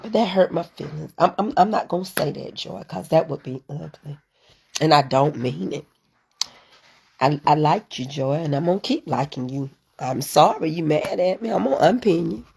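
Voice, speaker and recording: A woman hosts a casual live stream, chatting straight at her viewers and answering them by name. Her voice sits low, with a gravelly rasp and a husky, breathy edge. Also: lively intonation, moderate pace, a little mellow. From United States. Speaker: livestream host reading viewer comments.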